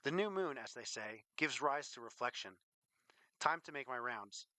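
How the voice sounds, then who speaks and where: A man narrating a first-person audiobook in a measured, dryly wry manner. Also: mid-range voice, lively intonation, sharp tone, dry recording. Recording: audiobook with clear background hiss.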